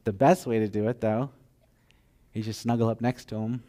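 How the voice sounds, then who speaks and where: A man preaching a sermon, telling the story with animated acted-out voices and dropping to a hushed, tender tone at moments. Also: on the low side, moderate pace. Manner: drops to soft, hushed tones for tender moments. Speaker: pastor.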